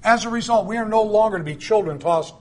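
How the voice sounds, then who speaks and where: A man's voice: sits high, quick pace, darkish tone. Conversational middle-aged male preacher. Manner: conversational storytelling with asides. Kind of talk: sermon.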